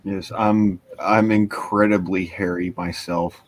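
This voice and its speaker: A man in casual podcast chat who explains things calmly and firmly and corrects others. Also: low voice, slow pace.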